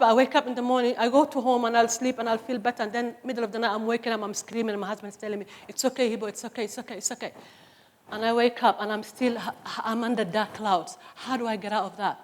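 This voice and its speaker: A woman in her forties with a Somali accent speaks on stage in an earnest, emphatic way, with a fairly high voice. She lightens her account with humorous asides. Her voice rings out with a long reverb in a large hall. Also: fairly even intonation, a little fast. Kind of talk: personal testimony talk.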